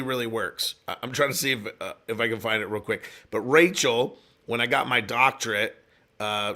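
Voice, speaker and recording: A middle-aged man with a doctorate telling stories in a casual faith talk show chat, animated and prone to excited bursts. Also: medium pitch. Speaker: church leader with a doctorate.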